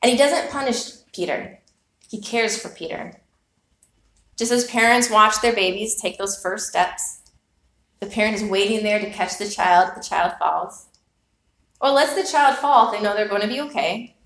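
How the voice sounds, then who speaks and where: A woman's voice: medium pitch, normal speed, a bit bright. A woman preaching a sermon, telling a personal story with earnest, reflective rhetorical questions. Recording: echoey room.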